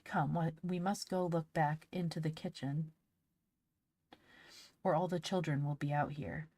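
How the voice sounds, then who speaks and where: A woman voicing Ben, a calm and practical older brother, in a storybook reading. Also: low voice, measured pace. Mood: plain.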